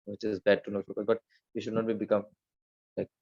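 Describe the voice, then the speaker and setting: A man giving a devotional scripture class, telling stories with lively acted-out quotes and quickly chanted verses. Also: on the low side, gravelly, husky. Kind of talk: Gita class lecture. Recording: slightly dull lo-fi recording.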